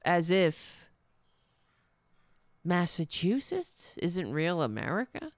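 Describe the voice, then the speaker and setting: A middle-aged woman hosts a political talk show, sounding indignant and sarcastic. She speaks slowly, and her somewhat low voice swings widely in pitch. The sound is dry and close. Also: wildly swooping pitch, clean tone, no room sound. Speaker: host. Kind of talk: political commentary.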